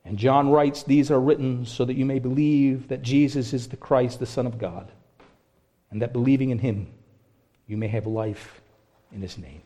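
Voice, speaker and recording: A man preaching a sermon, rising to loud impassioned stretches and then dropping to a hushed, prayerful voice. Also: medium pitch, steady tone, normal speed.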